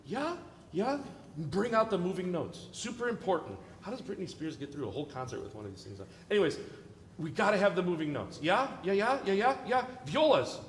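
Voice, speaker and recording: A man's voice: high-pitched, sing-song, a little fast, a little hiss or hum. A man leading an orchestra rehearsal, joking and encouraging the players as he coaches them. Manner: playful, encouraging, jokey. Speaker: orchestra conductor. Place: large concert hall. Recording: echoey hall with long reverb.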